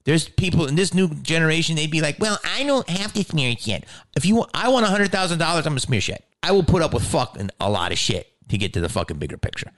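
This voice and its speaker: A man, an actor and comedian, telling a story in casual talk, animated and profane, acting out the people he quotes. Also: medium pitch.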